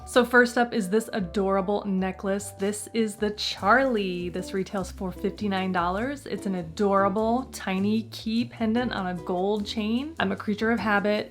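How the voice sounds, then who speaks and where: A woman hosting a casual true crime story, chatty and playful with jokey asides. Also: mid-range voice.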